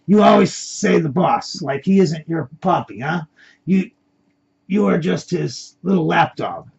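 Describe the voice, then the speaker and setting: A man voicing an angry, foul-mouthed male kidnapper in a red mask, screaming threats in a gravelly voice. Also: a little high, animated, a little slow, dull audio, pitched above the performer's own voice, full character voice. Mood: furious.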